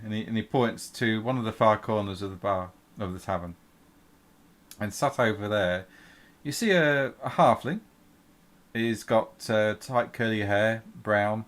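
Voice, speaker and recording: A game master narrates a fantasy tabletop game in a slightly low voice. He often stops and restarts his sentences as he describes the scene. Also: fairly bright tone. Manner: halting, with many fillers and restarts.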